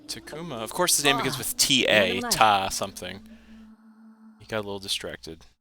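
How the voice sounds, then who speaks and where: A man's voice: fairly low pitch, moderate pace, a crowd in the background. A man commentating a game he is playing, chatty, with self-mocking asides. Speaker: gaming streamer. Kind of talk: let's play commentary. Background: game music.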